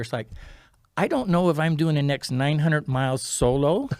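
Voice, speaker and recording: A man, a guest on a talk show, tells a personal story in a lively way, acting out the other people's lines and dropping to a hush at key moments. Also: fairly high pitch, moderate pace, no room sound, clean studio sound. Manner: animated, acts out quoted dialogue; drops to a quiet, hushed tone at key moments. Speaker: podcast guest. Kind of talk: storytelling in casual interview.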